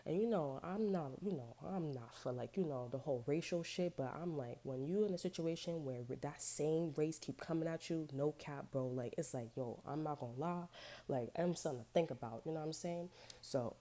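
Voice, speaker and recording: A woman with a deep, low voice tells a storytime rant to her viewers. Her tone is dark and mellow. She rambles loosely, swearing and dropping street slang as she goes. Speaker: vlogger.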